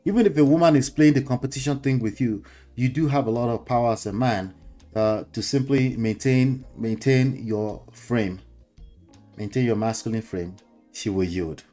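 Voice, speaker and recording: A Nigerian-accented man hosts a casual talk show and holds forth like a preacher. He hammers home each point by repeating it, now and then chuckling or slipping into pidgin. His voice sits at an ordinary middle pitch, with faint music playing low behind him. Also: normal speed, dark tone. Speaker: host.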